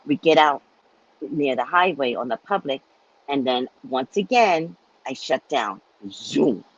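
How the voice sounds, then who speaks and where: A chatty woman telling a story on her live stream, her pitch leaping up and down with lots of expression. Her voice is husky and dry, with no room echo. The sound is dull, like lo-fi livestream audio. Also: measured pace. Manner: animated, chatty, repeats herself, laughs often. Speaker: psychic reader hosting a live stream.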